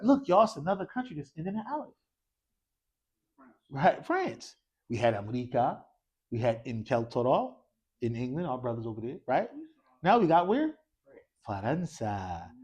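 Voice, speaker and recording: Guy teaching arabic to a class at the mosque, kinda high voice, keeps asking "what?" and gets them to repeat after him, laid-back and encouraging. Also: big pitch swings, moderate pace, pauses often, a little mellow, breathy edge. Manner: quizzing the class with "what?" prompts; casual, encouraging. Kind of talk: classroom lesson with call-and-response.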